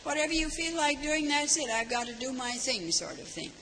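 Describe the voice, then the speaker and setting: Older lady giving a talk, bright sing-song voice, repeats words to stress them, big echoey hall. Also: high voice, expressive, a little fast. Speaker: speaker. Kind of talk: reflective religious talk with anecdotes. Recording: long hall reverb, faint hiss.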